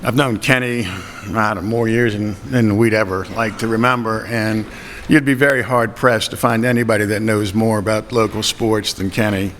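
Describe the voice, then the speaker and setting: Low-voiced older man giving a modest thank-you. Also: fairly even intonation, normal speed, a bit bright. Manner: modest, hesitant, many ums. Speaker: award recipient. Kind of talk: acceptance speech. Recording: hall reverb, faint room noise.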